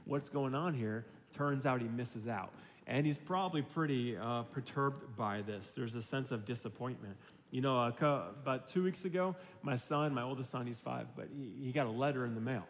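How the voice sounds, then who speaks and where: A man's voice: medium pitch, normal speed, in a large hall, slight background noise. A man in his thirties preaching a sermon as pastor, casual and conversational, slipping into voices for the people in his story.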